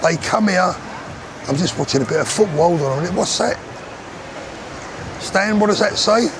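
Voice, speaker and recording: A slightly high-voiced man from England chats to a handheld camera on a busy street. He rambles and cracks jokes in a loose, casual way. Traffic and street sounds are clearly heard behind him. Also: animated, normal speed. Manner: jokey, rambling, chatty. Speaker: vlogger. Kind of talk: casual comedic vlog to camera. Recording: outdoor street noise behind.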